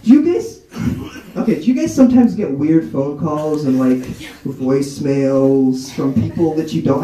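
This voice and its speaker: A young man performing an animated stand-up comedy set at a college comedy night, slipping into mock voices. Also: medium pitch, slight background noise. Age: young adult. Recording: roomy, distant amateur recording with crowd laughter. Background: audience laughing.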